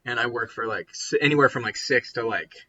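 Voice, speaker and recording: Tired young man with a bright voice. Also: mid-range voice, fairly quick, breathy edge, muffled recording. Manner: rambling, self-interrupting. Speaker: podcast co-host. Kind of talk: casual chat about music.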